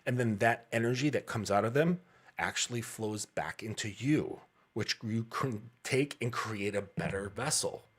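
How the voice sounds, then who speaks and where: Husky-voiced man giving blunt dating advice. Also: fairly low pitch, unhurried, fairly bright tone. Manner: blunt, profane, laughs often. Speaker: dating coach. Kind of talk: casual coaching monologue.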